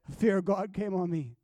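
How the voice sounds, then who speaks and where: A man with a high, light voice recounts his dreams and visions as a guest, swinging from near-whispers to raised bursts. The sound is dry and close, with no room around it. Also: no echo. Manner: animated, swinging from hushed to loud. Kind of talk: storytelling about dreams and visions.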